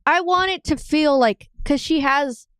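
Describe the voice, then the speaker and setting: A woman's voice: high-pitched, measured pace, fairly bright tone, dry recording. A woman co-hosting a casual live podcast, playful and teasing, breaking into giggles. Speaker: podcast co-host. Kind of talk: casual live-stream chat.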